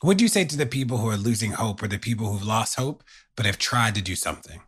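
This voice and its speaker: A man hosting an interview and asking questions in a measured way, with a few fillers. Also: fairly low pitch, animated, a bit bright, husky. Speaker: interview host.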